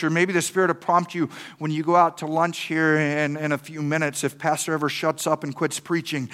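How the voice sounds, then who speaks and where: A man's voice: fairly high pitch, fairly bright tone. A man preaching a sermon as pastor, impassioned, often repeating words and putting questions to the congregation.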